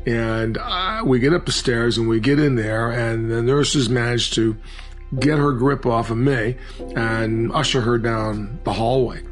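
A man recounting a personal story in an earnest, halting way, with frequent restarts. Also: medium pitch, faint music behind.

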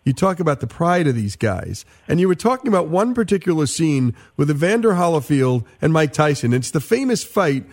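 A man's voice: fairly high pitch, big pitch swings, a little fast, few pauses. A man hosting a radio interview, enthusiastically plugging his guest's book. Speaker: radio host.

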